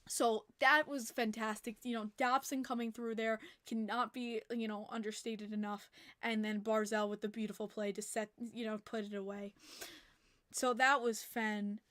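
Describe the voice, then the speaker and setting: A woman hosting a casual hockey podcast, animated and laughing often, swearing freely. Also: fairly high pitch, normal speed, dry recording, studio quality. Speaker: podcast host.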